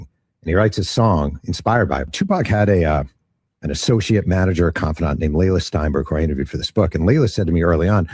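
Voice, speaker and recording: A man's voice: low voice, animated, fast talker, a little mellow, slightly rough, no echo. A man, an author, telling a story from his book in an interview, acting out the quotes with animation.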